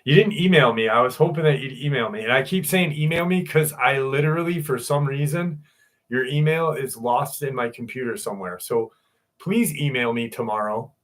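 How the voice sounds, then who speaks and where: A man's voice: medium pitch, moderate pace. Guy hosting a livestream, just chatting, says hi to the chat, swears a bit, gets hyped easy. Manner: loose and excitable, greets chat viewers by name, swears casually. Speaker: livestream host. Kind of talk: casual live chat.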